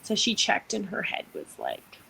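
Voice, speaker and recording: A young woman co-hosting a podcast, telling a personal story in a casual, animated way, acting out quotes and using lots of fillers. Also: mid-range voice, moderate pace, vocal fry, a little hiss or hum, poor audio. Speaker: podcast co-host, doula.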